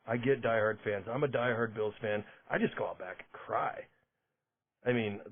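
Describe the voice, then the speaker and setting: Male podcast host, rambling and self-interrupting, mid pitch, lo-fi tinny audio. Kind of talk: casual monologue. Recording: tinny phone-like sound.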